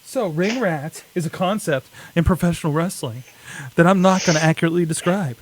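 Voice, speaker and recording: A man's voice: a little high, a little fast, slight background noise. A man hosting a casual wrestling podcast from a studio, upbeat and jokey, rattling off plugs. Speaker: podcast host. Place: home studio.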